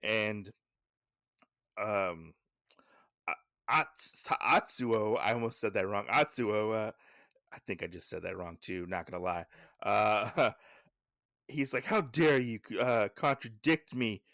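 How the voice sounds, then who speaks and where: A man hosts a podcast and recaps a comic casually, rambling and correcting himself as he goes. His voice has a gravelly edge, recorded dry and close. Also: lowish voice, slow, long pauses, sharp tone, no echo. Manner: rambling, with fillers and self-corrections. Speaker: podcast host.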